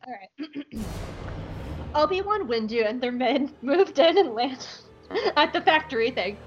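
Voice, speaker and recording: Giggly high-voiced woman podcaster. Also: expressive, unhurried, dull audio, soft background music. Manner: giggly, jokey, doing voices. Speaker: podcast co-host. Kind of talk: casual episode recap.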